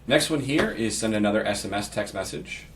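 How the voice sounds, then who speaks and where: A man from Pittsburgh giving a relaxed, think-aloud screen-share tutorial as a real estate agent, reading template text aloud with asides. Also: fairly low pitch, a little fast. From Pittsburgh, United States. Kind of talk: casual screen-share walkthrough. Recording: slightly distant mic with faint background noise.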